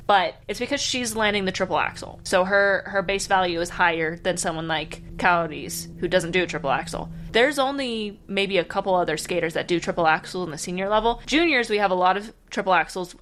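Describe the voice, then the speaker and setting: A woman's voice: medium pitch, fairly bright tone. Tearful young woman rambling on camera. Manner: rambling, emotional, laughs between thoughts. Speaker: reaction video host. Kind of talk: casual reaction commentary.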